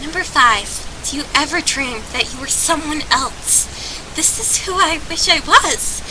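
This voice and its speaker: A woman's voice: high-pitched, animated, measured pace. A young woman counting down in comedy, mock-emotional and overwrought. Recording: noisy hiss.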